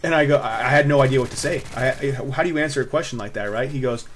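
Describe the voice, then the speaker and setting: A man in his twenties talks straight to the camera in a loose, meandering way. He fills gaps with ums and swears freely, at an everyday middle pitch. A faint hum of noise sits under his voice. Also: racing. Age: 20s. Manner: rambling and laid-back, with frequent fillers and swearing. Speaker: vlogger. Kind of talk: casual storytelling to camera.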